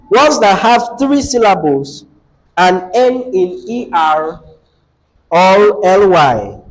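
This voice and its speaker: A male teacher with a Nigerian English accent and a high voice leads a classroom lesson. He talks at a slow, measured pace, dictating each rule and repeating it for note-taking. Between rules he quizzes his students with short questions. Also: low-quality recording.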